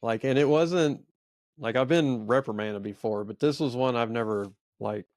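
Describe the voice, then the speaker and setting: A man's voice: medium pitch, moderate pace, no echo, clean studio sound. A man in his forties co-hosting a faith podcast, telling a personal story in a rambling, earnest, self-reflective way. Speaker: podcast co-host. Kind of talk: casual storytelling chat.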